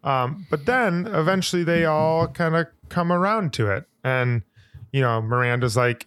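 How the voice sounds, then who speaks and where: A man's voice: fairly high pitch, measured pace, a bit bright, clear, resonant tone, no echo. A man in casual podcast talk, recapping scenes with fillers.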